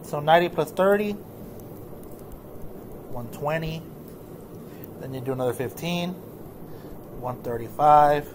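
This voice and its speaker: A male math teacher giving a recorded lesson in a casual, relaxed way, often checking in with the class. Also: a little high, unhurried, long pauses, slight background noise. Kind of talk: recorded lesson walking through notes.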